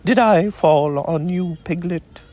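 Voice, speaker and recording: A man voicing a gentle, muddled male teddy bear who talks in an earnest, puzzled way in a storybook reading. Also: sits high, slow pace.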